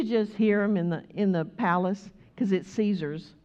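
A woman preaching a sermon, moving from conversational talk to loud, rhythmic exhortation. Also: mid-range voice, normal speed, few pauses, lo-fi sound.

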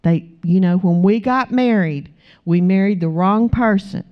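Speaking a little slowly in a smooth, medium-pitched voice, this woman preaches as a pastor's wife. She brings her stories to life by performing each character's voice, and the lo-fi recording sounds slightly dull.

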